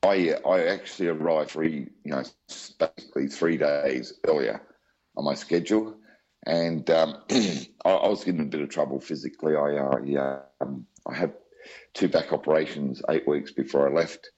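A man's voice: rumbling low, normal speed, darkish tone, lo-fi sound. A man with an Australian accent, telling his story as an interview guest in a chatty, rambling way. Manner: chatty, rambling with many asides.

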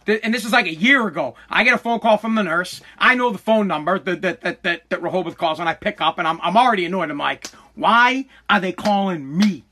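A man's voice: sits high, brisk, hardly any pauses, pushed and bright. A man telling a story about his child in a casual, exasperated, profane rant, acting out the voices of the people in it.

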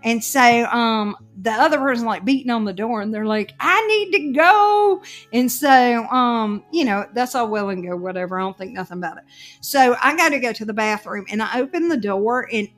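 Animated woman telling a story. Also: on the high side, a little fast, soft background music. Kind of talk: casual storytelling chat.

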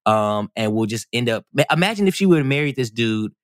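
A man co-hosting a casual podcast, talking in an animated, rambling way with many restarts and fillers. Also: medium pitch, fairly quick, no echo, studio quality. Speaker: podcast co-host.

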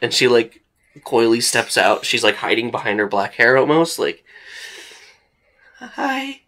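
A man's voice: mid-range voice, level tone, normal speed, bright, forceful tone. A man narrating as game master of a tabletop game, describing scenes in a loose, filler-heavy way.

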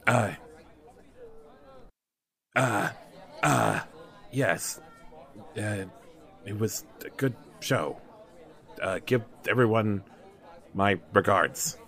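A man's voice: lowish voice, drawn-out words, long pauses, fairly bright tone, pitched below the performer's own voice, heavily acted. A man voicing an aloof wealthy opera patron who mumbles short, hesitant replies. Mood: curt.

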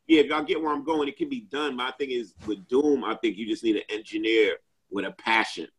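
A man's voice: medium pitch, brisk, breathy edge, poor audio. A man in a casual group chat, talking at length with many fillers and restarts.

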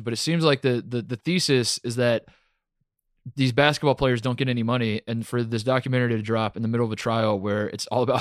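A man's voice: mid-range voice, no echo, clean studio sound. A man co-hosting a casual sports podcast who needles his partner with teasing questions. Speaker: podcast co-host.

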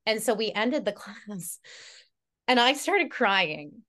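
A woman's voice: fairly high pitch, very animated, slow, pushed and bright. Chatty heartfelt woman storyteller. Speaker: guest. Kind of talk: casual podcast conversation. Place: Connecticut.

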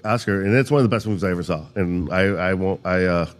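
A man's voice: deep voice, quick pace. Een man van middelbare leeftijd die snel en levendig praat in een podcast, met een lage stem en een lange galm in de kamer. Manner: rambling, lively, loose with filler words. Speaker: podcast co-host. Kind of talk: casual podcast chat. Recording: reverberant room.

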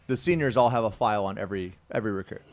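A man's voice: lowish voice, rapid-fire, background noise. A man, a Marine veteran co-hosting a casual podcast, telling a boot camp story with lots of profanity and acted-out quotes. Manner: profane, animated storyteller who acts out quoted voices. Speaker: podcast co-host.

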